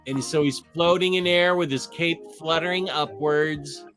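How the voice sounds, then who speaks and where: Easygoing, joking co-host, bright voice. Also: male voice, a little high, fairly even intonation, moderate pace, faint music behind. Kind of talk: casual live-stream chat.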